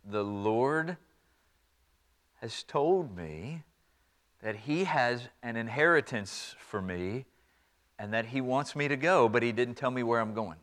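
A man voicing the young Abraham, speaking quietly and earnestly with halting restarts. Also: sits high, lively intonation, full character voice.

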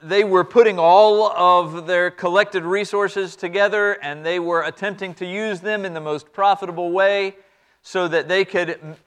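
A man's voice: sits high, fairly bright tone. A man preaching a sermon, retelling a story conversationally with repeated words and shifting tempo.

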